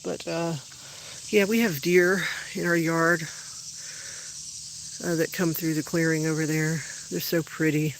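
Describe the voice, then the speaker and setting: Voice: medium pitch, little pitch movement, unhurried, long pauses, slight background noise, low-quality recording. Chatty livestreamer, faint crickets. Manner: chatty, rambling, shouts to call dogs. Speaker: livestreaming dog owner. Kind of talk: casual livestream chat. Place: outdoors in a wet backyard.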